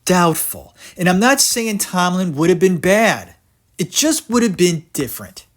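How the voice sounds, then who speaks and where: A man hosting his own podcast, rambling through an excitable rant about film history, swearing and laughing at himself. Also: high-pitched, measured pace. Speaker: podcast host.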